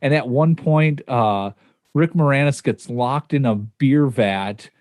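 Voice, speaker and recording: A man's voice: medium pitch, takes it slowly, darkish tone, no echo, studio quality. A man co-hosting a casual podcast chat, rambling with many fillers and laughing at himself. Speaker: podcast co-host.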